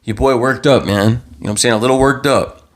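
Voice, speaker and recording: A man's voice: medium pitch, fast talker. A man hosting his own live talk show, worked up and passionate, repeating words and swearing as he speaks. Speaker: show host. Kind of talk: impassioned live commentary. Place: own channel livestream.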